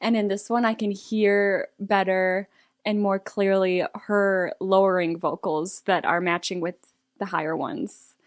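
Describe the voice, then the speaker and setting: A woman chatting excitedly and laughing as she reacts to an album. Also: medium pitch, a little slow, no room sound, studio quality. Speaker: music reaction streamer. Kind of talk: casual reaction commentary. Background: faint pop music.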